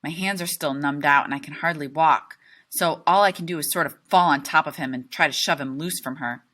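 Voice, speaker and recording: A woman teacher reading a novel aloud to her class, steady and clear, stopping to ask questions. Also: low voice. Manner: steady storytelling with pauses for questions.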